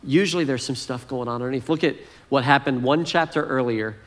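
A man's voice: mid-range voice, a little fast. Casual conversational male preacher. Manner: conversational, relaxed, fillers like "kind of". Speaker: pastor. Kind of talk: sermon.

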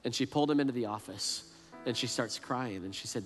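A pastor preaches a sermon in an earnest, mid-range voice at a fairly quick pace, often repeating words as he restarts a thought. Soft music plays behind him, and the long reverb suggests a large hall.

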